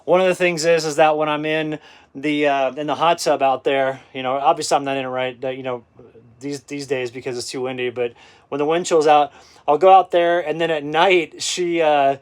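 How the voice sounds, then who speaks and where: A man's voice: a little high, steady tone, normal speed, clear, resonant tone, no echo, low-quality recording. A man hosting a casual live stream from his rural off-grid property, easygoing and greeting viewers by name as brother. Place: outdoors on windy rural property and inside a camper. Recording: windy outdoor phone audio with gusts. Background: wind noise.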